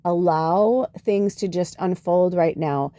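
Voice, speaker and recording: A woman's voice: fairly low pitch, takes it slowly, mellow, no room sound. A middle-aged woman hosting a podcast, chatting casually, swearing freely and acting out what people said. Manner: chatty, swears often, acts out quotes. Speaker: podcast host. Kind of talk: casual chat.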